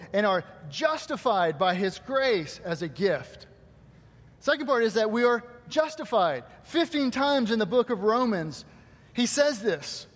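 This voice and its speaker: A male pastor preaching a sermon to his congregation, asking rhetorical questions and quoting scripture. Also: sits high. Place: church hall. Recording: long hall reverb.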